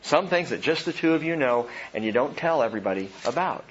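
A man preaching a sermon, animated, swinging from loud emphatic lines to soft hushed ones. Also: medium pitch, quick pace, dull audio, a little hiss or hum. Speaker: pastor.

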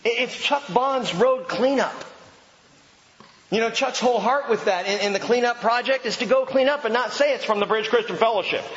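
A male pastor preaching a sermon with passion, swinging between loud emphasis and slow hushed lines. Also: extremely high pitch. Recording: dull sound with long church reverb.

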